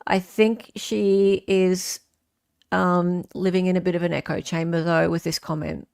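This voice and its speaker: A woman's voice: fairly low pitch, level tone, measured pace, creaky, darkish tone, clean tone. A woman hosting a casual livestream, reading viewer comments aloud and answering them in a chatty way with frequent fillers. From Australia. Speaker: livestream host.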